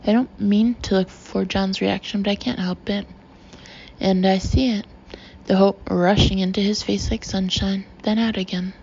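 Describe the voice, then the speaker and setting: Mellow-voiced woman narrating an audiobook. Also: medium pitch, fairly even intonation, moderate pace, creaky, dull audio, a little hiss or hum. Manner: intimate, emotional storytelling. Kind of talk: first-person audiobook narration.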